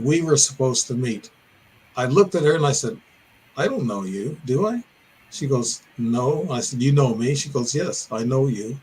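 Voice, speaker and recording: A man's voice: mid-range voice, darkish tone, slight background noise, poor audio. Older man telling a winding story. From Midwestern US (Illinois). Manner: detailed, meandering storytelling with self-corrections. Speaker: podcast guest. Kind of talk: recounting a personal encounter story.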